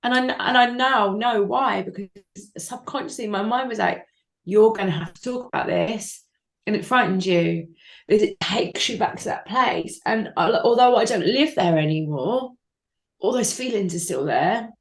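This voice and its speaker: A woman guest on a video-call interview opens up emotionally about losing someone, telling her story with candor. She speaks at a medium pitch and normal speed, with a roomy sound.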